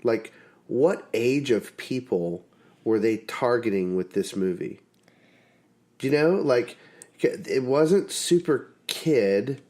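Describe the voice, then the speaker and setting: A man's voice: mid-range voice, expressive, dark tone. Middle-aged guy hosting a chat show, teasing, lots of ums and restarts. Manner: teasing, halting with fillers. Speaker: podcast host. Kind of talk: casual chat.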